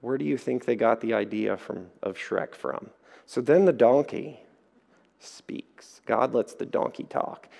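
A man preaching a sermon, telling stories in a lively way and acting out the voices in them. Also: medium pitch, unhurried, creaky. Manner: lively storytelling, acts out voices. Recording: echoey hall.

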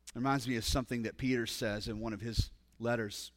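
A man preaching a sermon as pastor, telling a story, acting out the lines of the people in it, and building to loud, emphatic passages. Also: mid-range voice, steady tone, a little fast. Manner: storytelling, acts out quoted dialogue, rises to loud emphatic passages. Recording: long hall reverb.

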